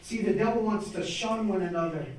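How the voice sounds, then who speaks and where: A man's voice: sits high, fairly quick. A middle-aged man gives a fervent, preacherly testimony at a city council meeting, repeating his phrases as he speaks. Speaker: honored community volunteer. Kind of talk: impromptu testimony speech. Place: city hall council chamber. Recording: echoey chamber from far off.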